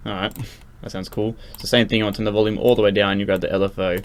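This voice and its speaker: A man's voice: lowish voice, level tone, fast talker. A young man talking casually through a music production tutorial, loose and rambling with lots of fillers and restarts. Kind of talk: casual screen-recorded tutorial. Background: loud synth music and keyboard typing.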